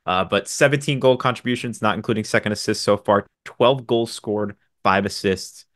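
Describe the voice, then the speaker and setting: A man co-hosting a sports podcast, briskly running through signings and stats with dry, sarcastic asides. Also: lowish voice, fairly bright tone, no echo. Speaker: podcast co-host. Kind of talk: casual sports podcast chat.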